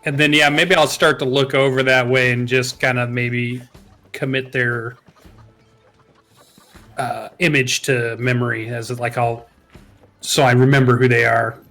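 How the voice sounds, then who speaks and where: Casting: bright, playful male tabletop player, faint music underneath. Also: mid-range voice, level tone, measured pace, long pauses. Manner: playful, slips into character quotes. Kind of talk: tabletop role-play.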